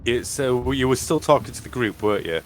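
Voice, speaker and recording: A man playing a tabletop game, talking in character with a halting, drawling manner. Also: medium pitch, animated, faint music behind. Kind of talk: in-character role-play chat.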